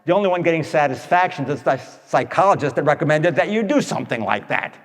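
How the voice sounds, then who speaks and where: A man's voice: fairly high pitch, lively intonation, quick pace. Folksy storytelling man in a reverberant hall. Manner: conversational, addresses listeners directly, acts out quotes. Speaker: radio speaker giving advice talks.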